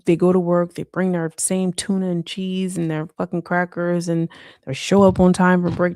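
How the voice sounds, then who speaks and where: Woman doing a late night live chat, low gravelly voice, dry close mic, lots of "like" and "you know". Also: dark tone, dry recording. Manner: chatty, reads and answers viewer comments; slangy, frequent "like" and "you know". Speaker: livestream host.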